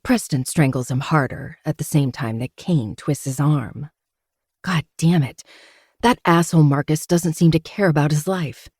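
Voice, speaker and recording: A woman's voice: low-pitched, normal speed, a little mellow, breathy edge, no room sound, studio quality. A woman narrating a first-person novel with dramatic storytelling.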